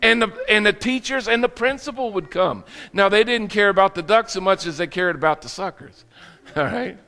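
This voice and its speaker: A man's voice: high voice, moderate pace, sharp tone, in a large hall. A man preaching a sermon, telling stories with acted quotes and laughter. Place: church sanctuary.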